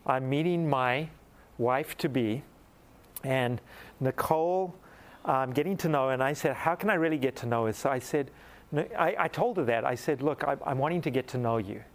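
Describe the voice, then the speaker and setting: A middle-aged man preaching, telling a personal story in a lively, animated way that rises into excited laughter. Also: mid-range voice, normal speed. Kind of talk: storytelling sermon.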